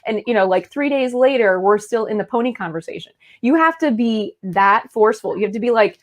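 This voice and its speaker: A woman's voice: lively intonation, a little fast, few pauses. A woman in her thirties co-hosting a podcast in casual chat, talking freely and laughing often. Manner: chatty, laughs often, puts on squeaky voices to make a point. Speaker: podcast co-host.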